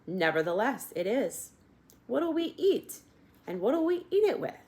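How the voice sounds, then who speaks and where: A woman's voice: fairly high pitch, very animated, measured pace, darkish tone, voice pushed up. A woman voicing a greedy, bitter old man with a whining, indignant way of talking.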